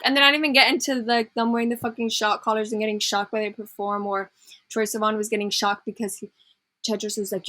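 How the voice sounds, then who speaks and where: A woman's voice: mid-range voice, little pitch movement, fairly quick, a bit bright, no echo. A young woman co-hosting a podcast, recapping a TV show in a rambling, profane way full of fillers. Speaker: podcast co-host. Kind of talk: casual chat recapping a TV show.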